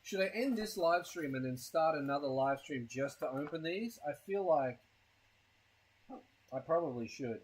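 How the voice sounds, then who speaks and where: A man's voice: fairly high pitch, lively intonation, normal speed, a little hiss or hum, poor audio. A man chatting casually on a live stream, rambling and crude, with a self-mocking tone and a case of hiccups. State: has hiccups.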